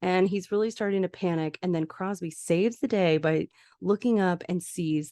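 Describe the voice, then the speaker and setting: A woman hosts a podcast and recaps a TV episode in a chatty, enthusiastic way. Her voice sits on the low side, and she talks with open fondness. The sound is dry and close, with no room around it. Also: normal speed, mellow, no echo. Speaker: podcast host.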